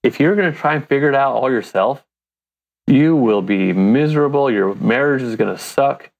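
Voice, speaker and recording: A man's voice: medium pitch, normal speed, gravelly, darkish tone. A man from the United States, a company founder and interview guest, telling stories casually, laughing often and acting out his own thoughts.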